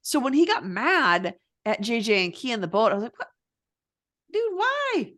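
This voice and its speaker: A woman co-hosting a podcast, chatting casually and excitedly, often laughing and exclaiming. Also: mid-range voice, fairly quick. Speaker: podcast co-host. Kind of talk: casual chat.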